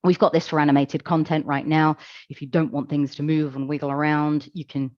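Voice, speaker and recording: A woman's voice: low-pitched, little pitch movement, a little fast, no echo, muffled recording. A woman giving a conference talk, explaining things step by step with casual asides. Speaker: accessibility conference speaker.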